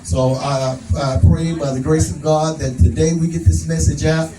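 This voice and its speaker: At a prayer breakfast held in an event hall, a male advocate delivers a stirring, sermon-like speech, chuckling at his own folksy humor. He has a fairly high voice, a flat delivery, and a moderate pace, recorded noisily from afar in an echoey room.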